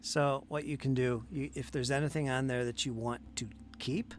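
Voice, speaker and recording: A man's voice: mid-range voice, fairly even intonation. Man narrating as game master. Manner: slow, descriptive, questioning players.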